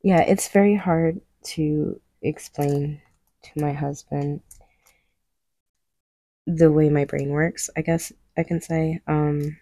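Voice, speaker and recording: Young woman chatting while she crafts, laughs a lot, kinda gravelly, dry room. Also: sits low, steady tone, takes it slowly, warm tone, no echo. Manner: chatty, laughs often, restarts sentences. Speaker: crafter vlogger. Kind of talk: casual chat while crafting.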